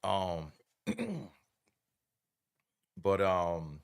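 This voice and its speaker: A middle-aged livestream host draws out his words with vocal fry in a very low voice and a clean tone. Relaxed and full of slang, he rambles from point to point and often checks that his viewers are still with him.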